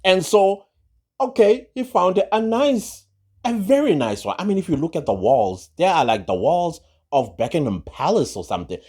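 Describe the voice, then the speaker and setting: Animated, sarcastic man. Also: high voice, moderate pace, husky. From South Africa. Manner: animated, sarcastic, with rhetorical questions. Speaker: social commentary vlogger. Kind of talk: opinionated gossip commentary.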